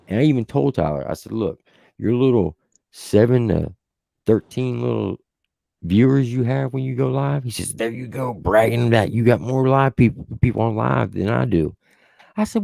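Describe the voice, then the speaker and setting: A man's voice: fairly low pitch, lively intonation, moderate pace, vocal fry, mellow, dry recording, clean studio sound. A man hosting his own show, telling a heated story in a casual, profane way. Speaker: show host. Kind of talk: heated casual livestream rant.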